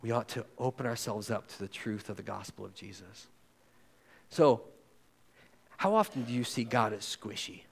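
A man preaching a sermon as pastor, talking straight to his listeners and swinging between loud and hushed. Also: lowish voice, gravelly, husky. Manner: conversational, addresses listeners directly.

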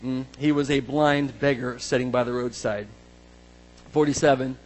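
A man preaching a sermon, dramatic, acting out scripture voices and swinging between hushed lines and shouts. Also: mid-range voice, steady tone, moderate pace, rough recording.

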